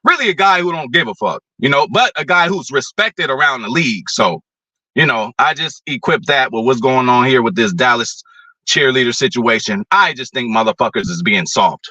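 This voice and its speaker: Young guy ranting about football, cussing a lot, bright lively voice, dead dry sound. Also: medium pitch, moderate pace, no room sound. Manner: blunt, profane, animated, mocking voices. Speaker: podcast host. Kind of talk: casual opinion rant.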